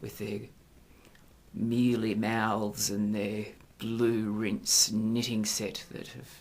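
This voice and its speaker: A middle-aged man ranting in a sarcastic, crude monologue, swinging between mutters and loud outbursts. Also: on the low side, little pitch movement, takes it slowly. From Australia. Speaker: vlogger.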